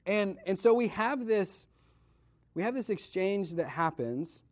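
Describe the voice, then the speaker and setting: A man's voice: high voice, a little slow. A young man leading a group Bible study, reading scripture aloud and then explaining it casually, acting out the characters and asking the group questions. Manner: animated, acts out characters, asks the group questions. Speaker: youth leader.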